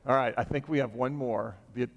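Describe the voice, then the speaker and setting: A man's voice: mid-range voice, fairly quick, creaky, very noisy. A man leading a children's sermon in church, friendly and asking the kids questions. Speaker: pastor leading a children's message. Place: church sanctuary. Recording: long church reverb.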